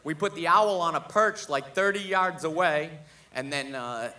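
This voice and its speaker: Bright-voiced man doing stand-up. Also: a little slow. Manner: storytelling with loud, high impressions of others. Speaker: stand-up comedian. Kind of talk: stand-up set. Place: theater stage with live audience.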